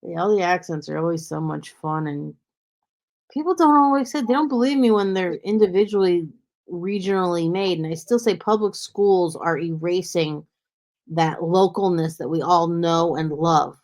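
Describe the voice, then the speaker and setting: A woman's voice: lowish voice, normal speed, a little mellow. A woman hosting a podcast, chatting casually and animatedly, often slipping into mimicked accents as she talks. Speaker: podcast host. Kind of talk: casual interview chat.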